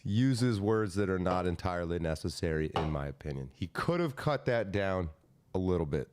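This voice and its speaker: A man's voice: sits low, lively intonation, moderate pace, a little mellow, clean tone. A man hosting a casual talk show, reading an old text aloud and cutting in with mocking, sarcastic asides. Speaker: podcast host.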